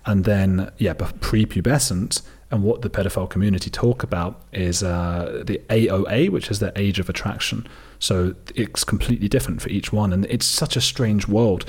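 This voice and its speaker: A man's voice: fairly low pitch, steady tone, normal speed, a little mellow, slightly rough. A man, a documentary filmmaker, talking casually in an interview and telling rambling stories. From United Kingdom. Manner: rambling storyteller, mimics people he quotes. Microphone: close desk microphone.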